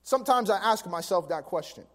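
A man with a high voice delivers a sermon, swinging between quiet storytelling and emphatic preaching. His voice carries a long reverb from a large hall. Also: expressive, a little fast. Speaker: pastor.

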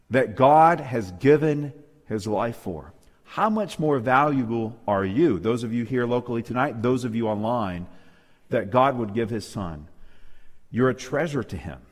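A man's voice: on the high side, in a large hall. A man preaching a Bible lesson to a live and online audience, emphatic, often asking for amens. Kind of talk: sermon-style Bible lesson. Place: church hall with local and online audience.

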